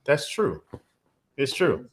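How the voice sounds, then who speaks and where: A man's voice: medium pitch, wildly swooping pitch, slow pace, a little hiss or hum. A man hosting a casual live stream, talking emphatically, repeating his phrases and often breaking into laughter.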